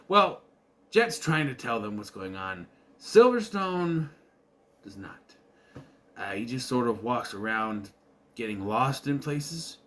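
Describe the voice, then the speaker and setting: Animated, bright-voiced rambling man. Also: medium pitch. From southern Minnesota. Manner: rambling, restarts, occasional swearing. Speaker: video reviewer. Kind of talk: casual rambling commentary.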